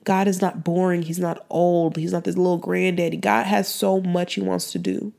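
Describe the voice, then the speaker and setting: A woman's voice: fairly low pitch, little pitch movement, moderate pace, gravelly, a little mellow. A young woman hosting a faith-based podcast, talking in an earnest, heartfelt way that rambles and restarts. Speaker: podcast host.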